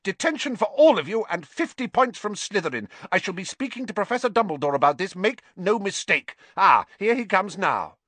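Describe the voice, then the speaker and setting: A man's voice: high-pitched, very animated, fairly quick, few pauses, a bit bright, no room sound, voice pushed up, exaggerated voice. A man voicing a stern, strict older female professor who scolds in an indignant, clipped manner. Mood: furious.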